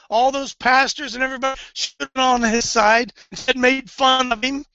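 A man preaching fervently, swinging between hushed and loud, sounding tearful. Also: extremely high pitch, dry recording. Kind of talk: impassioned preaching. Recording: dull lo-fi recording.

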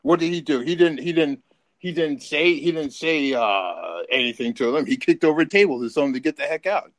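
A man's voice: on the high side, animated, brisk, fairly bright tone, rough recording. A man in the audience chiming in with stammering restarts. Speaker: audience member.

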